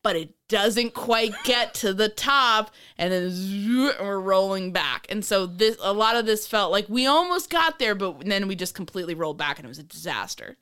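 A woman co-hosting a podcast, chatting casually in a rambling, animated way, with frequent swearing and laughter. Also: medium pitch, normal speed, few pauses, clean tone. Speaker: podcast co-host. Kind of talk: casual chat.

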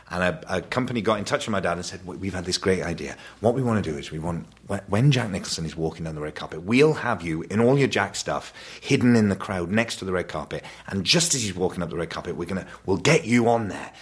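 A man from Wales telling amused, animated stories as a podcast guest. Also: low-pitched, quick pace, hardly any pauses, slightly rough. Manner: animated, amused storyteller with many restarts. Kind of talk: casual podcast storytelling.

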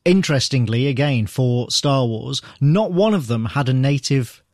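A man hosting a casual podcast chat about a film, enthusiastic and quick to laugh. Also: mid-range voice, lively intonation, darkish tone. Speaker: podcast host.

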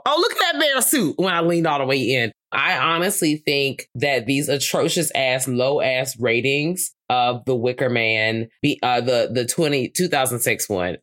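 A man co-hosting a casual movie review podcast, talking in an animated, profane way and acting out quotes. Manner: animated, profane, acts out quotes with big pitch jumps. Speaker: podcast co-host.

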